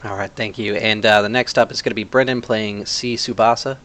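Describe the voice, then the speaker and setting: Low-voiced man hosting a game. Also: a little fast. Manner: relaxed, chatty, with many fillers. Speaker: game master and channel host. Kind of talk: casual introductions.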